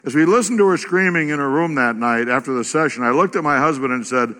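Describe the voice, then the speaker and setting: A man preaching a sermon in a church, reading aloud and then speaking with animated, exclamatory emphasis. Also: medium pitch, quick pace. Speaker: pastor. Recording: echoey church hall.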